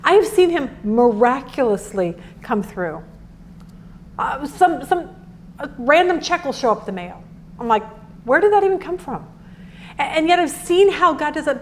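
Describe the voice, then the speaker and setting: Middle-aged woman, high voice, earnest devotional teacher, faint hiss behind her. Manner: earnest, animated, acts out quotes. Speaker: Bible study teacher.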